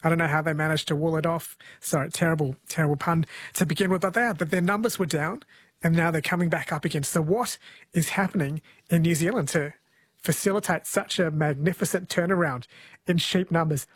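A man's voice: on the high side, brisk, breathy edge, dry recording. A man presenting a morning radio show in a chatty, playful way, joking at his own puns. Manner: chatty, playful, self-mocking.

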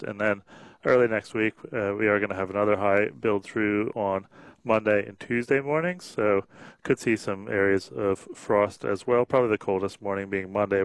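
Low-voiced Australian weather forecaster. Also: male voice, no room sound. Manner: measured, frequent "uh" fillers. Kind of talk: radio weather briefing.

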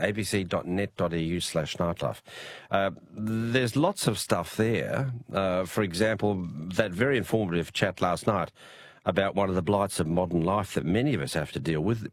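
An Australian man with a croaky, hoarse voice, hosting a late-night radio show in a relaxed, chatty way. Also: deep voice, no echo. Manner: relaxed, chatty, frequent uh fillers. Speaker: radio host. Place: radio studio. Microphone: studio mic.

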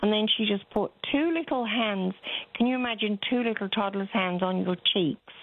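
A woman's voice: medium pitch, normal speed, dry recording. An older woman, calling into a radio show, who rambles and hesitates with many fillers. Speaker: caller. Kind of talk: casual phone chat. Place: phone call into a radio show. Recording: tinny phone line.

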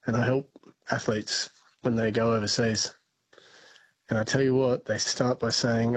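A man's voice: medium pitch, flat delivery, a little slow, pauses often, husky, no room sound, poor audio. A man calling in to a radio quiz, confident and talkative, telling anecdotes. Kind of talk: casual phone-in chat.

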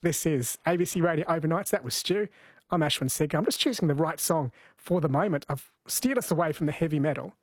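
A man's voice: on the high side, brisk, no room sound. A man hosting an overnight radio show, upbeat and playfully teasing. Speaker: radio host. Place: radio studio.

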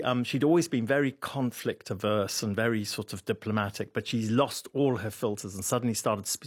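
A man's voice: mid-range voice, breathy edge, no room sound, studio quality. A man guest on an interview show, telling a family story with many restarts and stumbles. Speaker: author guest.

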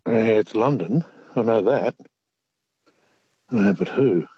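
Hesitant male caller, apologetic, slow husky voice over a muffled phone line. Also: lowish voice, dry recording.

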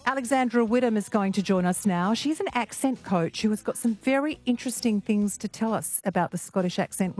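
A woman's voice: mid-range voice, darkish tone. A woman hosting a radio phone-in, chatty and teasing with her listeners. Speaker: radio talkback host.

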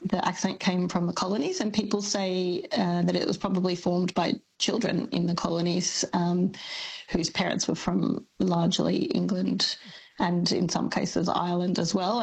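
Gravelly, husky woman academic. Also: fairly low pitch, poor audio. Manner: hesitant, many ums, laughs easily. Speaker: linguistics academic guest. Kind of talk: radio interview.

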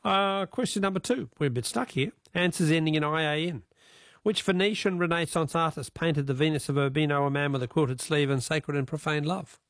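A man's voice: on the high side, a little fast, a bit bright, no echo, clean studio sound. An Australian man hosting a talkback radio quiz, chatty, reading out callers' names and answers.

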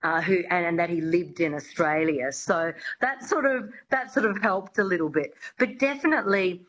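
Woman dialect coach, lowish voice, chatty explainer, light hiss. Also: normal speed, fairly bright tone, rough recording. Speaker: accent coach. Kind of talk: radio interview.

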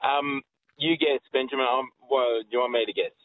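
A man's voice: mid-range voice, fairly even intonation, a little fast, slight background noise. A man, joking and stammering as he chats on a radio show by phone. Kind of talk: casual radio chat. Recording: tinny phone line.

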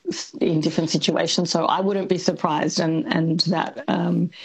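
An Australian woman speaks as a radio guest, unhurried and explanatory. Her voice is slightly low, with gravelly fry and a husky edge. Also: little pitch movement, low-quality recording. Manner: measured, explanatory, frequent um fillers. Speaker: linguist guest. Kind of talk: radio talk.

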